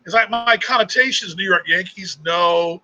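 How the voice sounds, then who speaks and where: A man's voice: sits high, normal speed, sharp tone, dry recording, lo-fi sound. A middle-aged man from Texas with a Texan accent, hosting a casual live chat in a rambling, chatty way. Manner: rambling, chatty, restarts often. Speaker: host.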